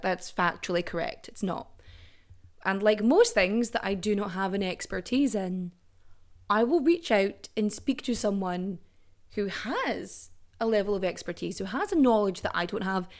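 A woman's voice: on the high side, a little mellow. A young woman hosting a solo podcast, chatty and jokey, swearing freely and breaking into playful asides. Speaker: podcast host. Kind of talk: casual solo podcast monologue.

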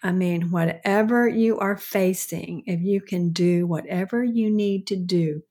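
A woman's voice: lowish voice, a little slow, warm tone. A woman co-hosting a casual podcast, reacting supportively and reading out a quote of the day. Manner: supportive listener, reads out a daily quote. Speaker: podcast co-host. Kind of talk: casual chat.

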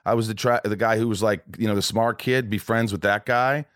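Rambling, profane podcast host, dry sound. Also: male voice, fairly low pitch, steady tone, a little fast, a bit bright, dry recording. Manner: rambling, profane, stumbling restarts. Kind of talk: casual chat.

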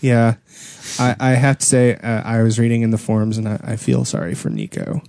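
Wry male co-host, mellow dry voice. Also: mid-range voice, fairly quick, gravelly, clear, resonant tone, no echo. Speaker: podcast co-host. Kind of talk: casual chat.

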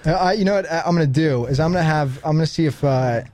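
A man's voice: fairly high pitch, fast, a little mellow. A man co-hosting a radio show, chatting casually and urging the others on. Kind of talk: casual chat.

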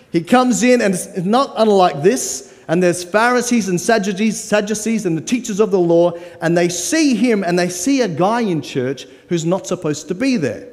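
With a high-pitched but darkish voice, this guest pastor in his 40s preaches a live sermon in a church auditorium. He's playful, joking and coaxing the crowd, and the room adds a long reverb.

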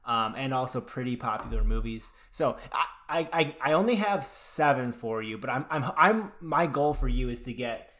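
A man's voice: medium pitch, expressive, moderate pace, hardly any pauses, fairly bright tone. A man co-hosting a podcast, chatting casually and enthusiastically, often restarting his sentences. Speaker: podcast co-host. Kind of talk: casual podcast chat about horror movies.

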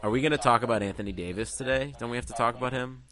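A man's voice: mid-range voice, very fast, bright, forceful tone. A man co-hosting a casual sports chat, rambling with many restarts. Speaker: podcast co-host.

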